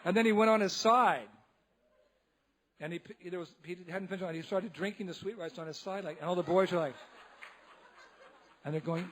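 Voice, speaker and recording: A man, a monk, giving a humorous storytelling lecture in a temple, animated and laughing often as he acts out the people in his tale. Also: high-pitched, moderate pace, long pauses. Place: temple hall.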